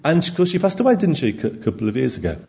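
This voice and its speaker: Male pastor, church sermon, animated up-and-down pitch, chatty rhetorical questions. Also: racing, creaky. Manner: conversational, with many rhetorical questions.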